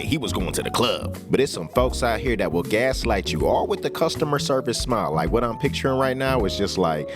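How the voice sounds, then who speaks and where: A man hosting a reaction video, chatting in a colloquial, conversational way with pointed asides. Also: lowish voice. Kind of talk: casual commentary. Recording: music bed under voice. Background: music.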